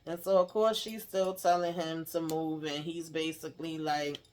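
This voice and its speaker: A woman's voice: low voice, flat delivery, moderate pace, a little mellow. A chatty woman runs through a TV episode recap in loose, casual talk. She laughs often and slips into the characters' lines as she retells scenes. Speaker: TV recap host.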